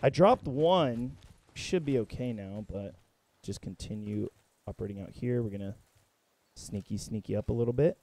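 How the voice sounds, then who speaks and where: A young man giving excitable, profane gameplay commentary, breaking into yelps and shouts as he plays. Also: mid-range voice, moderate pace, slight background noise. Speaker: gaming content creator.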